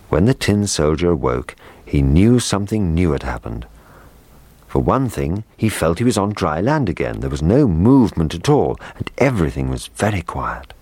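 A man reads a children's story aloud, gentle and expressive. His voice is very deep but moves lively up and down. The recording is dry and close. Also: dry recording.

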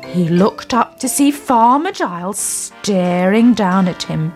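Storyteller: woman, lively sing-song reading, unhurried. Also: mid-range voice, soft background music.

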